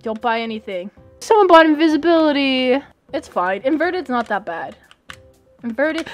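A woman gaming streamer with a high, lively voice that swoops up and down as she reacts. She is excitable and giggly, breaking into yelps and shrieks as she talks over her headset mic. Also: moderate pace, soft background music. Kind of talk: live game commentary.

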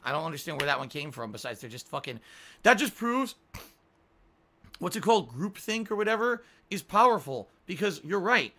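Man, video game streamer, defensive rant, cursing, sharp bright voice, fairly high. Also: big pitch swings, moderate pace. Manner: defensive, ranting, swears; bursts into loud high laughs. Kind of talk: live gameplay stream commentary.

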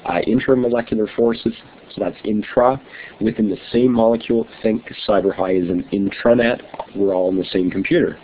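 A man's voice: lowish voice, fairly even intonation, a little fast, slight background noise. A middle-aged man teaching a chemistry lesson to an online class, friendly and chatty, reading his notes aloud. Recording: tinny phone-like online class audio.

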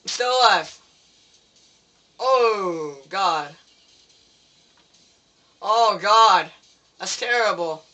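A man's voice: very high voice, pushed and bright. A teenage boy commenting on his own gameplay, swearing and pleading with the game in frustration. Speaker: gameplay video maker.

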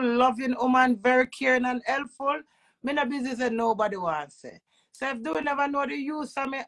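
A woman with a Jamaican accent, a vlogger delivering an agitated, repetitive emotional rant full of swearing. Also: on the high side.

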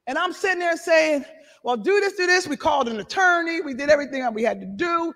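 A middle-aged woman pastor preaching a sermon and giving her testimony, animated, shouting and laughing between lines. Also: high voice, fast. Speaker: apostle and pastor. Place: church sanctuary. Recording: reverberant hall.

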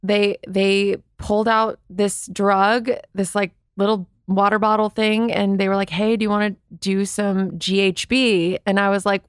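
Woman, podcast guest, candid storytelling, chatty, quotes people in voices, mid pitch, dry recording. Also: steady tone, normal speed, smooth, dry recording. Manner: chatty, fills speech with "like", acts out quoted voices.

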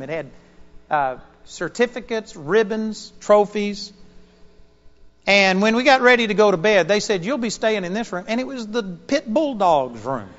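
High-voiced man preaching a story. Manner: animated storytelling, chuckling. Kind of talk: sermon with personal story. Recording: dull lo-fi sound with hall reverb.

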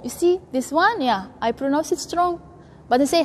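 A woman's voice: sits high, lively intonation, normal speed. A woman teaching Quran recitation and letter pronunciation, speaking in a patient, step-by-step way and repeating each sound for practice. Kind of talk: slow instructional lesson with demonstrations. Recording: faint room noise, long reverb.

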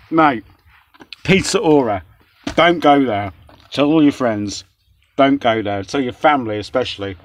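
A young man ranting as he reviews a takeaway meal, swearing constantly and rambling in exasperation, recorded indoors on a phone or camera held close. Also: medium pitch. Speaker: vlogger reviewing takeaway food. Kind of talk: casual ranting food review.

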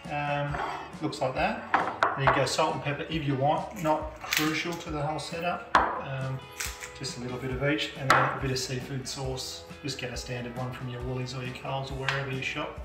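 A man's voice: mid-range voice, fairly even intonation, brisk, loud music behind the voice. A man with an Australian accent doing a stand-up comedy set, laid-back and laughing through his lines.

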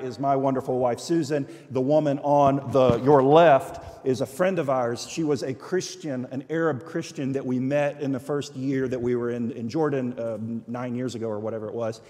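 A man's voice: medium pitch, warm tone. A man preaching a sermon as a guest missionary, telling stories and repeating phrases for emphasis, recorded on a church livestream. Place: church sanctuary. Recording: church livestream with long hall reverb.

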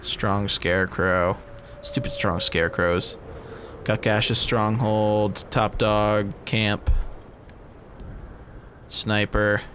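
A man's voice: lowish voice, flat delivery, very slow, pauses often, fairly bright tone, a little hiss or hum. A man hosting a let's play, giving casual gameplay commentary with laid-back, profane, giggly asides.

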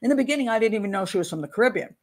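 A woman's voice: mid-range voice, animated, very fast, darkish tone. A woman hosting a casual commentary show as a criminal profiler. She talks loosely to camera, rambles and teases herself as she searches aloud for her material. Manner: rambling, searching aloud for notes, self-deprecating.

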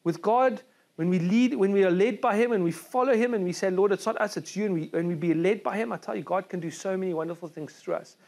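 A man's voice: sits high, fast talker, darkish tone. A man with a South African accent preaching a sermon as a pastor, in an earnest, conversational way with many restarts and repeated words. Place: church service.

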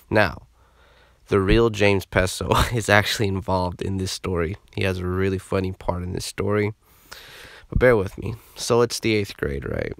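A man telling a story from his school days in a casual, profane and animated way. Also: deep voice, smooth, no echo.

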